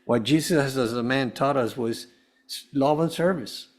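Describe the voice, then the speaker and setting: A man with an average pitch speaks as a podcast guest, recounting his life in an earnest, rambling manner. He circles back and restarts phrases often. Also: moderate pace. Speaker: guest, holistic health coach. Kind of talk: personal storytelling in an interview.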